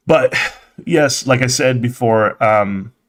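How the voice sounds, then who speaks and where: Brief: male live-stream host, mid-pitched, loose and chatty, gets worked up fast. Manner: excitable, swears casually, acts out quoted voices. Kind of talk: casual live-stream chat.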